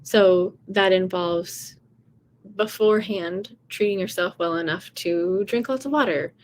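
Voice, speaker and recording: A woman's voice: medium pitch, a little slow, a little mellow, a little hiss or hum. A woman vocal coach giving casual, encouraging advice in a chatty way, often saying "you know" and "right".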